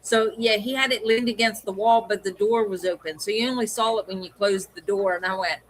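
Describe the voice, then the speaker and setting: A woman's voice: mid-range voice, a little fast. A middle-aged woman co-hosting a pet hobby live stream, chatting casually and acting out quoted lines as she tells a story. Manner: animated, acts out quoted dialogue.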